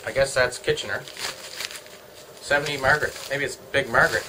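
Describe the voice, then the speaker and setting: A man's voice: medium pitch, fairly even intonation, unhurried, pauses often, sharp tone, a little hiss or hum, poor audio. A middle-aged Canadian man chatting casually at home, joking and wandering from topic to topic. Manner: joking, meandering, talks to himself. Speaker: vlogger. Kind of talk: casual rambling chat.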